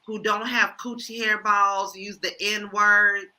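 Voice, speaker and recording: A woman's voice: mid-range voice, level tone, takes it slowly, sharp tone. A woman co-hosting a casual live review, giving blunt, candid, slangy opinions on a TV episode. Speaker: TV review co-host.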